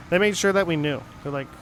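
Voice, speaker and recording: A young man rambles through casual gameplay commentary, full of fillers. His slightly high voice sounds creaky, with a little hiss or hum in the recording.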